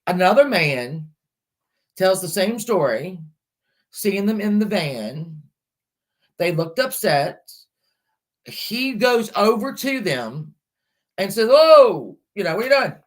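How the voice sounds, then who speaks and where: Chatty woman with a lively voice. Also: medium pitch, slow, long pauses. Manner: chatty, talks back to chat comments mid-story. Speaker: livestream host. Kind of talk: casual true-crime storytelling to a live chat.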